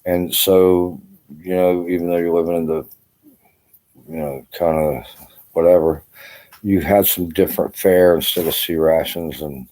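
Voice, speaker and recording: Older male veteran, low and mellow, exhausted, rambling profane vlog chat. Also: fairly even intonation, a little slow. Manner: rambling, profane, full of "you know" fillers. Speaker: army veteran vlogger. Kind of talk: casual rambling vlog monologue. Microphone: camera.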